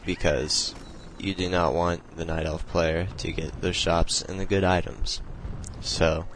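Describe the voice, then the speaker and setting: A young man with a deep voice and very little rise and fall talks through a strategy game replay at home. His explaining is loose and rambling, full of fillers and restarts. A faint hiss sits under the recording. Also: flat delivery, unhurried, a bit bright, rough recording. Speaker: replay commentator. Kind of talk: casual strategy game commentary.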